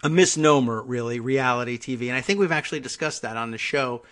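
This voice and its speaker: Male talk show host, bright forceful voice, wry, rambling asides, casual monologue. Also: medium pitch, fast. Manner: rambling, wry, stumbles over names and restarts. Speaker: podcast host.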